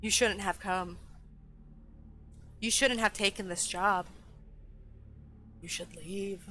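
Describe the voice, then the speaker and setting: A woman reading the lines of a solemn little girl in a horror game, low and muted. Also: steady tone, takes it slowly, pushed and bright, a little hiss or hum. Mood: ominous.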